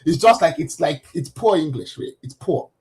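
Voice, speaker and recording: Man, high-pitched and very expressive, opinionated panelist. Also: normal speed, a little hiss or hum. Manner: opinionated, questioning others. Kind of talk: casual panel chat.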